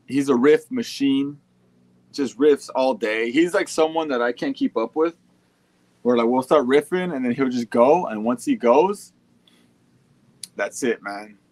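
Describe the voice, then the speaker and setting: A man's voice: medium pitch, measured pace, a little mellow, no echo. Slangy laid-back young man streaming. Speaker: streamer reading fan messages. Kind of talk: casual livestream chat.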